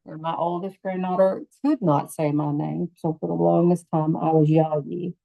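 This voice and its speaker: A middle-aged grandmother chats as a podcast guest, telling family stories with lively acted-out quotes. Her voice sits somewhat low. The sound is dry, with no room echo. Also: moderate pace, creaky, narrow, tinny audio. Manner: animated, acts out quotes in the story. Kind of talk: casual conversational storytelling.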